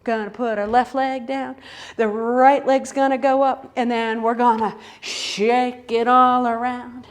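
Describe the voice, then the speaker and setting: A woman's voice: on the high side, flat delivery, measured pace. A middle-aged woman teaching a playful, encouraging yoga class for kids, calling out each movement. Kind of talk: kids' yoga class instruction.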